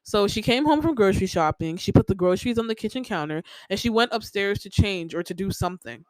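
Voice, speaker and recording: A young woman talks through a casual podcast monologue at a middle pitch, circling back and repeating herself with many fillers. The sound is dry, with no room echo. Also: animated, fast, a little mellow. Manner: venting, heavy use of "like" fillers, repeats herself. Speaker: podcast host.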